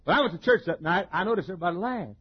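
A man's voice: high voice, slightly rough. Chuckling folksy male preacher. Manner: folksy and joking, with lots of chuckles and restarts; swings widely between loud and soft. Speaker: pastor. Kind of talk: sermon. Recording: dull lo-fi sermon recording.

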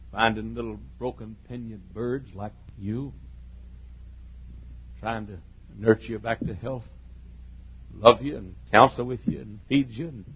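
A man preaching an impassioned sermon to a large congregation, dropping to a hush and rising to shouts, on a dull lo-fi recording. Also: medium pitch. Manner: impassioned, swinging from hushed to shouting.

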